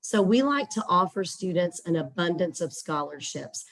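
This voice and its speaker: A hoarse woman with a Texas accent walks through a screen share on a video call, her voice sitting fairly low. She talks in a chatty, upbeat way with plenty of fillers. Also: animated, moderate pace. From Central Texas. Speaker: guest presenter for a scholarship platform. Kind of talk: webinar presentation with screen share.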